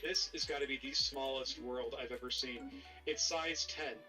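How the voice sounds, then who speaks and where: Guy on voice chat explaining game stuff, bright tone, chill and plain-spoken. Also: mid-range voice, steady tone, normal speed, soft background music, poor audio. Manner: laid-back, explains mechanics plainly. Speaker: experienced player explaining the game. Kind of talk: casual gaming chat over voice call.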